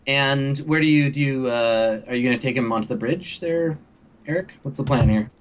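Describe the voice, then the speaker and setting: A man's voice: mid-range voice, moderate pace, a little hiss or hum. A man narrating as game master in a casual, rambling way.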